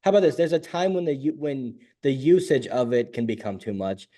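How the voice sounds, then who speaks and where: A man co-hosting a sports talk podcast, rattling off quick, firm opinions in casual chat. His pitch sits in a middle range, and he keeps up a brisk pace. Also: sing-song, warm tone. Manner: fast, opinionated, jumps into high mocking voices. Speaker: podcast co-host.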